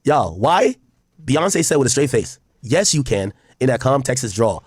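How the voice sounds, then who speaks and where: A man's voice: medium pitch, sing-song, normal speed, breathy edge, dry recording, studio quality. A man streaming casual commentary to his chat, reading posts aloud and reacting bluntly, with frequent profanity.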